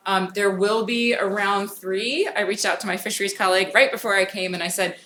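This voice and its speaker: A woman's voice: medium pitch, steady tone, bright, forceful tone. A woman giving a conference talk on grant programs in an informal way, often saying "um". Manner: informal, frequent "um" fillers, brisk. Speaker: federal grants program speaker. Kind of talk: conference presentation. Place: conference hall. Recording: echoey room with faint noise.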